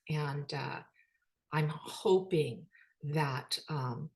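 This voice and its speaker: A middle-aged woman telling a story in a talk, animated and acting out the dialogue, with many ums and uhs. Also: sits low. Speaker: speaker.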